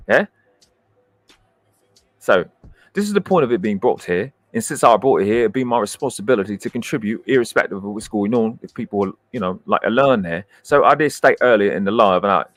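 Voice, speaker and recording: British guy ranting on his livestream, lowish voice, swears a lot, cocky, dry close sound. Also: a bit bright, no room sound. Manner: brash, profane and boastful. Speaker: livestream host. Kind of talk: combative livestream commentary.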